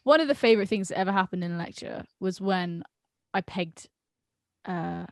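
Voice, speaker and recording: A woman's voice: lowish voice, normal speed, dry recording. Giggly young woman, dry sound. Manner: giggly, rambling anecdotes. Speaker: guest. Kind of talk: casual chat. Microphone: video call.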